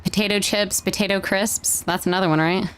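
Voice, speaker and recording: A woman's voice: medium pitch, steady tone, fairly quick, smooth. A woman in role-play as a town mayor, chatting and laughing easily, then addressing a town hall.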